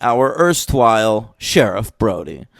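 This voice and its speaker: A man co-hosting a film podcast, chatting casually about movies, animated and often laughing, with plenty of fillers. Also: on the low side, takes it slowly, vocal fry, no echo, clean studio sound. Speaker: podcast co-host. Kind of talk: casual film review chat.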